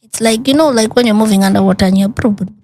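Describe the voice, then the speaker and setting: A woman's voice: on the high side, quick pace. Woman telling a painful story. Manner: animated retelling with quoted dialogue, earnest. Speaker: guest. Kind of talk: personal storytelling in an interview.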